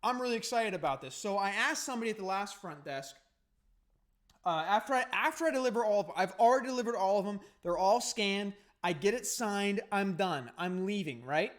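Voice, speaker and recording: A man's voice: high-pitched, animated, fairly quick. A man hosting a podcast, telling a story in casual, profane, heated rambling. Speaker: podcast host.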